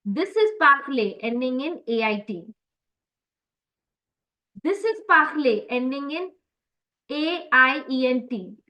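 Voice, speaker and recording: A woman's voice: high-pitched, expressive, slow pace, pauses often, sharp tone, poor audio. A woman teaching French in an online class, explaining step by step with many fillers and lots of encouragement.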